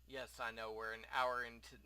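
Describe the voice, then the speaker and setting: A man's voice: mid-range voice, level tone, normal speed, bright, forceful tone, clear, resonant tone, poor audio. Wry man narrating a game playthrough. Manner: wry, offhand, self-mocking. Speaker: let's play host. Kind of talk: casual game commentary.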